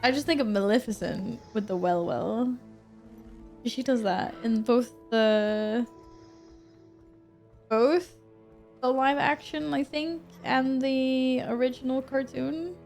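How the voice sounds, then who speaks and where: A woman's voice: sits high, takes it slowly, gravelly, long pauses, darkish tone, faint music behind. Chatty woman streaming a game. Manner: chatty, reads and answers chat, laughs often. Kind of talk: casual gaming stream chat.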